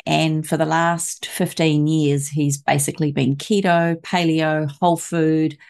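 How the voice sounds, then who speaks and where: A woman's voice: low voice, little pitch movement, unhurried, vocal fry, darkish tone. A woman hosting a casual chat, asking long, winding questions. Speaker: host.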